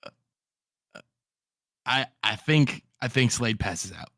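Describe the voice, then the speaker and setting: A man in his thirties playing a tabletop game, answering in a halting, flustered way. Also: mid-range voice, animated, a bit bright, dry recording, clean studio sound. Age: 30s. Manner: halting, flustered in-character replies. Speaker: player.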